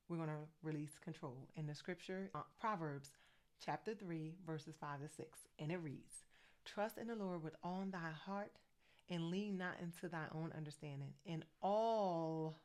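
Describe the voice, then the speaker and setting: A woman in her forties from New Jersey, a faith and fitness coach talking fast and excitedly in a motivational vlog. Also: lowish voice. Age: 40s.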